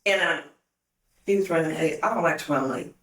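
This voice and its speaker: Podcast guest, woman, animated storyteller, roomy distant sound. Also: sits low, brisk. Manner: animated, laughs often while telling stories. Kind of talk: casual storytelling.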